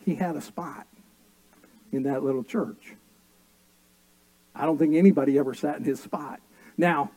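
A man's voice: a little high, moderate pace, pauses often, darkish tone, no room sound, rough recording. A middle-aged man, a pastor, preaching a sermon and telling family stories with dry humor.

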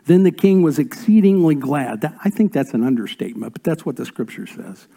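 A man delivers a sermon in a warm, mellow voice that sits a little high for a man. He swings from raised, emphatic passages down to soft, almost whispered asides, and he reads scripture aloud with feeling. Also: expressive, fairly quick, vocal fry. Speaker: pastor.

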